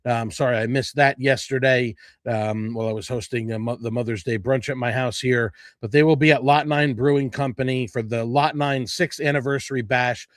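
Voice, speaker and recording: A man's voice: medium pitch, steady tone, normal speed, dry recording, studio quality. A man hosting a food blog update, talking casually to followers with lots of fillers and self-corrections. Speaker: food blogger host. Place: his home.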